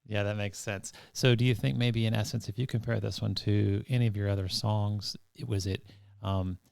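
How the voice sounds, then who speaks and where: Podcast host: man with a low, gravelly voice, soft and rambling, dry close sound. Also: fairly even intonation, moderate pace, dry recording. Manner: soft-spoken, rambling questions with restarts. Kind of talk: interview questions.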